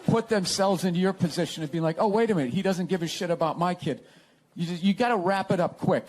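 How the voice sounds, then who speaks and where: A man's voice: sits high, fast talker, a little mellow, slight background noise. A man talking in a casual interview, sarcastic and ranting, laughing often as he tells stories. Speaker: comedian guest.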